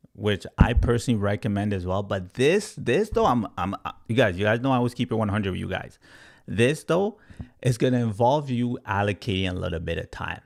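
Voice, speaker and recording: Gravelly-voiced man ranting to his chat. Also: lowish voice. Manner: animated, repeats "right?" and "you guys" often. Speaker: crypto trading educator. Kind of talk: casual livestream rant to chat.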